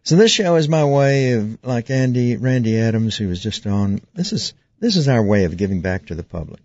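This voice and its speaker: A man's voice: mid-range voice, animated, normal speed, a little mellow, no room sound. A man hosting a call-in radio show as a dentist, explaining things earnestly with frequent fillers and restarts. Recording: dry, muffled radio studio sound.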